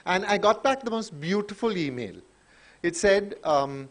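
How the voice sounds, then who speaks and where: A man reads his own translated prose at a festival. His voice sits a little high. He breaks off for amused asides to the room. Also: lively intonation, unhurried, fairly bright tone. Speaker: translator reading his work. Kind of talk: literary reading aloud. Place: lecture hall at a festival.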